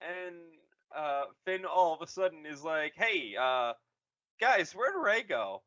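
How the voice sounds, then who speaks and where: A man on a casual comedy podcast, retelling a film in an unhurried, rambling way. His voice is bright and a little high, and the audio has a dull, lo-fi quality. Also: very animated. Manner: rambling storytelling with goofy voices for characters. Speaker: podcast co-host retelling a movie.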